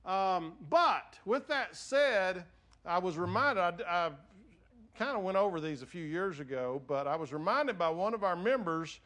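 A male pastor speaks to his church congregation in a folksy, joking, conversational way. His voice sits high for a man, and he talks in loose phrases full of fillers. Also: lively intonation, unhurried, a bit bright. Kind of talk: sermon. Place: church sanctuary.

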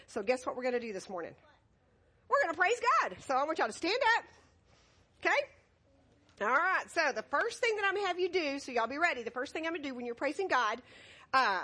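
A woman with a high voice leads a children's message in a church sanctuary. She asks the kids a steady run of questions and laughs easily as she coaxes answers from them. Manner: animated, laughing, coaxing questions. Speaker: children's sermon leader. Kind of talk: children's message with call and response.

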